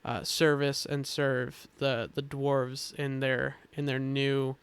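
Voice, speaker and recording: Halting, clear-voiced man explaining. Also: mid-range voice, flat delivery. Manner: halting, thoughtful explaining with many filler pauses. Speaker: game designer explaining characters. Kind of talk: casual podcast chat.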